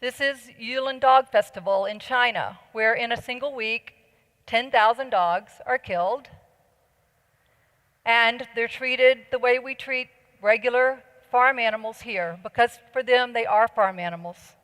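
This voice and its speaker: Earnest middle-aged woman speaker, slightly high-pitched, with reverb from a large hall. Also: measured pace, a bit bright. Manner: earnest, persuasive, asks the audience questions. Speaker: conference speaker. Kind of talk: conference talk.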